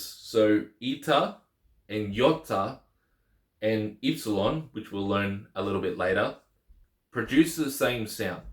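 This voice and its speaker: A man's voice: on the low side, slow pace, reverberant. A man teaching the Greek alphabet in a casual lesson, patiently repeating each letter name.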